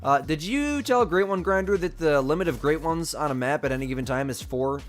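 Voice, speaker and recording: A man's voice: a little high, expressive, brisk, soft background music. A man streaming a hunting game live, chatting casually and answering viewers' messages aloud while coughing a bit. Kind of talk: live gameplay commentary.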